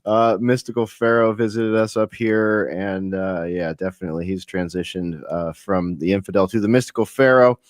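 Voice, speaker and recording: A man's voice: low-pitched, fairly even intonation, moderate pace, hardly any pauses, no room sound, clean studio sound. A man from California hosting a live-streamed radio show, rambling casually with lots of fillers and the odd swear.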